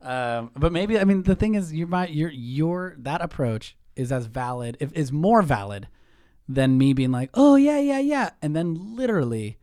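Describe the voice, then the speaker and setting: A man hosting a podcast in casual chat, telling stories with lively mimicked voices. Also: on the high side, normal speed, no room sound, studio quality. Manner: animated storyteller, mimics voices in quotes. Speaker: podcast host.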